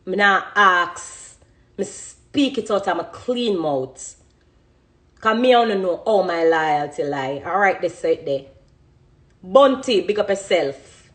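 An animated, lowish voice belongs to a dancehall artist in her thirties with a Jamaican accent, speaking a little slowly. Her spontaneous, emotional words about her career are passionate, emphatic, and thankful.

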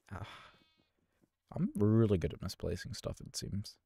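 A man's voice: lowish voice, fairly quick, vocal fry, mellow, husky, dry recording. A man hosting his gaming channel, giving live gameplay commentary in an exasperated, self-talking way with mild cursing.

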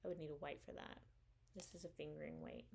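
A woman's voice: deep voice, quick pace, vocal fry, a little mellow, a little hiss or hum. A woman hosting a knitting podcast, chatting casually and enthusiastically, rambling a bit with fillers as she shows her purchases. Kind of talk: casual show-and-tell chat.

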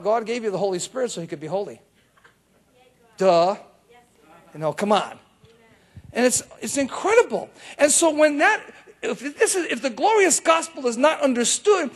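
A male pastor preaching a sermon in an animated, storytelling way, with bursts of shouting. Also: very high voice, husky.

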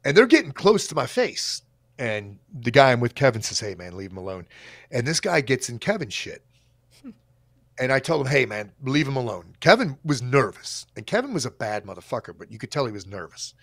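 Man, gravelly voice, casual profane storyteller, dry close sound. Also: medium pitch, very animated, fairly quick, fairly bright tone, no room sound. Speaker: coach telling a story on a livestream.

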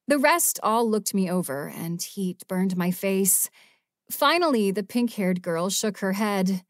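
A woman's voice: mid-range voice, lively intonation, unhurried, no echo. Woman reading a dry, close audiobook. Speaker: audiobook narrator. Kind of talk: first-person audiobook narration.

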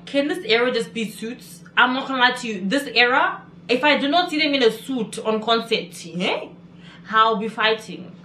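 A woman hosting a casual music video reaction, chatty and excitable, exclaiming often. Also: a little high, moderate pace. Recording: echoey room with music behind.

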